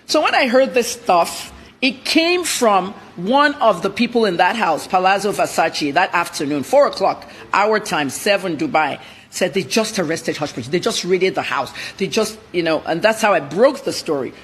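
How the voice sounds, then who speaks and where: A woman journalist from Nigeria, a guest on a TV interview, telling her story in a blunt, rapid-fire way. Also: on the low side, lively intonation, a little hiss or hum. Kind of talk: TV interview commentary.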